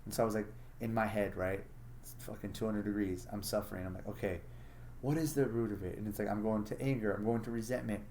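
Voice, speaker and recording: A man's voice: on the low side, steady tone, quick pace, darkish tone, slight background noise. A man hosting a casual solo monologue, blunt and profane, acting out his own inner thoughts as he talks. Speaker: podcast host.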